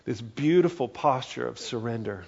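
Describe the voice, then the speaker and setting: A man preaching a sermon in an earnest, conversational way, his voice carrying a gravelly edge. He speaks at a middle pitch and keeps checking in with "right?" between thoughts. The recording sounds a little dull and lo-fi. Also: animated, moderate pace, a little mellow. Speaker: pastor.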